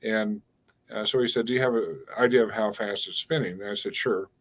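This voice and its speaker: A man in his sixties from Kansas, a guest telling a long story in an interview, pausing often with fillers and repeated words. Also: lowish voice. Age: 60s. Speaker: guest, energy healer.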